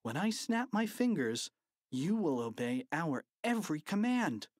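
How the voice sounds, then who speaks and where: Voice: medium pitch, very animated, unhurried, darkish tone, no echo, studio quality, pitched above the performer's own voice. An audiobook reader voicing a mischievous young schoolboy prankster, eager and bossy. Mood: scheming. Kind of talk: audiobook character voice.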